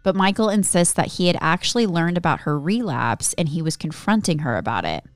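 A woman tells a true-crime story on a podcast, settling into steady narration between bouts of banter. Her voice sits a little low and comes across smooth and clear. The recording is close and dry. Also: brisk, no echo, faint music behind. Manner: giggly, chatty banter between story segments.

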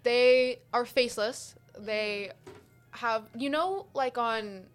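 A woman's voice: a little high, takes it slowly, soft background music. Chatty woman telling a funny story. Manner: animated storyteller, giggly. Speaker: podcast co-host. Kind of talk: casual podcast chat.

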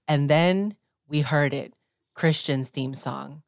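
A woman co-hosting a podcast in casual chat, talking in an animated, gushing way and filling her speech with "like", slipping into now and then. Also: low-pitched, slow, creaky, no room sound, studio quality. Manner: animated, gushing fan talk with filler "like". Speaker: podcast co-host.

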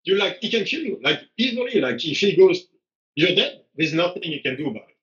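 A blunt, animated man who jumps into acted-out quotes mid-sentence. His voice sits high for a man. The sound is dull and lo-fi, like live stream audio. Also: fairly quick. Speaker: strength coach guest. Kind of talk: casual conversation on a live stream.

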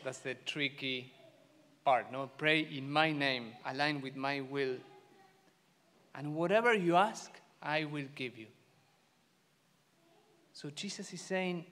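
A man delivers a sermon at a slow, deliberate pace in a slightly higher voice. He speaks earnestly, stacking emphatic repeated phrases, and his words ring with the long reverb of a church. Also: fairly bright tone. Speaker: priest.

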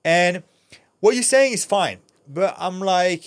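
Speaking slowly in a high voice with no echo, a middle-aged man from France guests on a podcast. An actor and fighter with a French accent, he's blunt and candid, swears freely, and tells animated stories.

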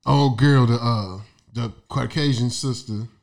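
A man's voice: mid-range voice, a little slow, gravelly, a little mellow. A man in casual chat, jokey, chiming in and telling his own anecdotes.

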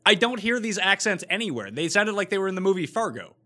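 A Canadian man hosting a casual podcast chat over a remote mic, chatty and quick to ask his co-hosts questions. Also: sits high, very animated, bright, forceful tone. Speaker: podcast host.

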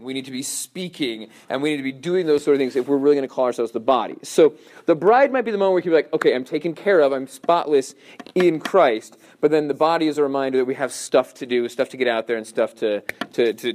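A man teaching a parish class in a casual, rambling way, full of fillers and restarts. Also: mid-range voice.

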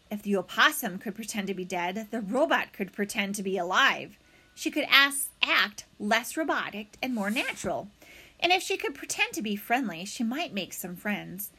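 A woman reading a children's novel aloud as narrator, with expressive storytelling. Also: mid-range voice, slightly rough.

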